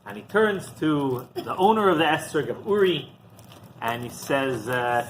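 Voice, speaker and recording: A man's voice: a little high, a little slow, slight background noise, rough recording. A man who is a rabbi telling a story in a sermon, acting out the dialogue. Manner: animated storyteller, acts out dialogue.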